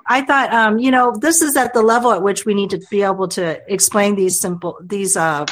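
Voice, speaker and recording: A woman's voice: medium pitch, fairly quick. A woman in her thirties, a podcast panelist in a casual group discussion, earnestly explaining her ideas. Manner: earnest, explains with frequent fillers and restarts.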